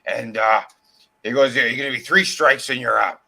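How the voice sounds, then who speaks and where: A man's voice: medium pitch, fairly even intonation, moderate pace, creaky, bright, forceful tone, rough recording. A man co-hosting a casual wrestling podcast, telling a long story in a rambling way, with many fillers and restarts and casual swearing. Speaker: podcast co-host.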